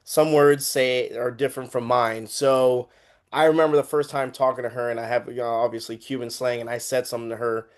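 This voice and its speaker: Animated, laughing male podcast host. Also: medium pitch, a little fast. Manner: animated storyteller, laughs often. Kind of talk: casual chat.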